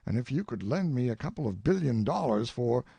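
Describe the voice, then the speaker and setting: A man's voice: mid-range voice, big pitch swings, brisk, gravelly, mellow, husky, dry recording, voice pushed up, heavily acted. A man playing a grandiose old scheming colonel. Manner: flowery, pleading, theatrical.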